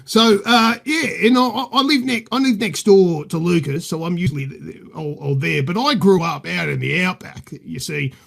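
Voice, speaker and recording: The character is a crude, bragging middle-aged bloke, voiced by an Australian man as an improvised comedy bit on a podcast. His exaggerated voice is high and creaky, moves at a moderate pace with hardly any pauses, and he rambles cheekily, swearing all the while.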